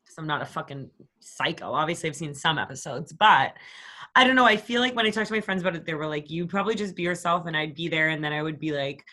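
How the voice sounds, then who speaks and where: A woman in her twenties, co-hosting a podcast, telling stories in a casual, profane, animated way. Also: sits low, fast talker. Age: 20s. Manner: profane, animated storytelling with quoted voices. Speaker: podcast co-host. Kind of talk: casual storytelling chat.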